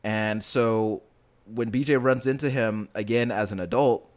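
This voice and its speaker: A man with a fairly low voice talks in a loose, casual chat, circling back on himself with fillers and restarts. He sounds earnest and invested as he tells the story. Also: steady tone, a little slow. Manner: rambling, filler-heavy retelling with many restarts.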